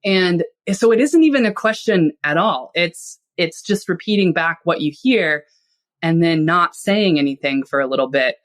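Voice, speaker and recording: A woman's voice: on the low side, animated, normal speed. A woman speaking as a podcast guest, explaining ideas in a casual, conversational way and acting out small everyday examples. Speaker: podcast guest, finance and psychology expert.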